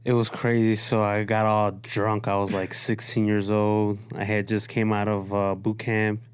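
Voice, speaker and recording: Low, smooth-voiced man. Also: little pitch movement, a little slow, no room sound. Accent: Chicago. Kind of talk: casual storytelling. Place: studio.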